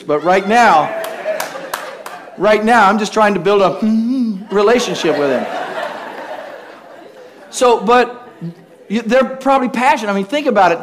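A man preaching a sermon, telling humorous everyday stories, acting out quoted voices, and calling for responses from the congregation. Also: high voice. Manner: animated storytelling, acts out quoted voices with humor.

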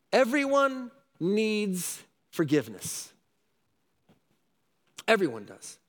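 Lively high-voiced male preacher. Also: long reverb tail. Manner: animated preaching, rising to shouts. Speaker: pastor. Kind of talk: sermon.

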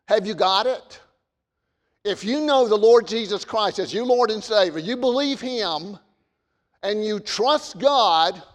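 Pastor, male, high voice, sermon with scripture readings, long church reverb. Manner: repeats and restarts phrases, reads scripture aloud slowly.

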